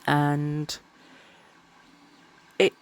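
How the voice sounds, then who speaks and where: A woman's voice: deep voice, completely flat delivery, drawn-out words. A tired woman chatting casually while crafting, rambling and often tripping over her words. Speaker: miniature crafter. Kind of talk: casual crafting vlog narration.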